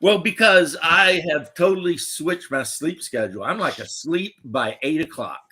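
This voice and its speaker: Bright-voiced man rambling casually. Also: on the high side, lively intonation, moderate pace, breathy edge. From United States. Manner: rambling, profane, joking. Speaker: livestream host. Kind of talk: casual chat.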